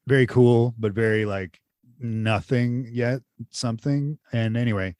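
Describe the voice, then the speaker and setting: A man's voice: medium pitch, fairly even intonation, measured pace, a little mellow, no room sound, studio quality. A man co-hosting a podcast in casual chat, rambling loosely and full of "like" fillers. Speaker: podcast co-host.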